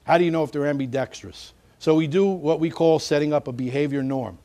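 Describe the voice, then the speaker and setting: Middle-aged male security trainer, slightly high voice, animated teaching delivery. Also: fairly quick. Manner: animated, acts out example dialogue. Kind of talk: instructional talk.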